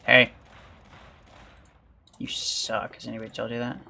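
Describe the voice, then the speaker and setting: A male gaming streamer talking casually to his live chat. He answers viewers' questions in a loose, offhand way and slips into low mutters while he plays. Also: monotone, measured pace, creaky, background noise. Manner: chatty, reads and answers chat, mutters during play. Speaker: gaming livestreamer.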